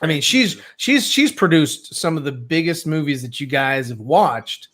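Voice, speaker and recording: A man's voice: on the high side, lively intonation, normal speed, fairly bright tone. A man co-hosting a casual movie podcast, rambling and hesitant, filling gaps with uh's. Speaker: podcast co-host.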